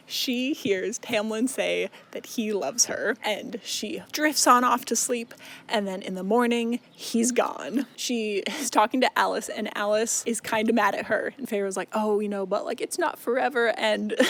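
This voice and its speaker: A man's voice: high-pitched, a bit bright. Rambling young man recapping a book. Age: young adult. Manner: rambling, filler-heavy, swears, laughs often.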